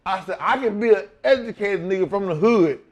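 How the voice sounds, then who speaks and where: Here a middle-aged man with a high-pitched, expressive voice talks fairly quickly, recounting wrestling stories in a shoot interview. Cursing freely and speaking bluntly, he voices each side of the old conversations himself.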